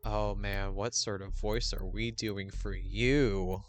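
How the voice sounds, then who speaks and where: A man's voice: on the low side, fairly even intonation, takes it slowly, soft background music. Flustered, self-mocking male streamer. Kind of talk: casual livestream commentary while reading a game aloud.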